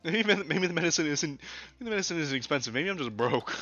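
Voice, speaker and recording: A man's voice: on the high side, animated, quick pace, bright, forceful tone. A man streaming a let's play, chatting and joking with his chat and swearing casually. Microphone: older desk mic. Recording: dull lo-fi mic. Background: faint game music.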